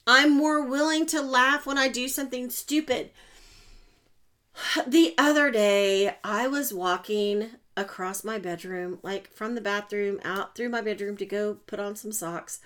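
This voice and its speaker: A woman talks through a motivational podcast monologue in a slightly high voice. She is chatty and self-mocking, with sudden loud, excited bursts. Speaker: podcast host and coach.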